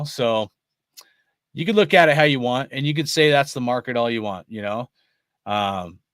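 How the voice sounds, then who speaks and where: Young male host, loose profane rambler; bright, dry close sound. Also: medium pitch, no echo. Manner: profane, rambling, laughs often, says bro and dude. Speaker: sports fan show host. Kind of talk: casual rant to viewers.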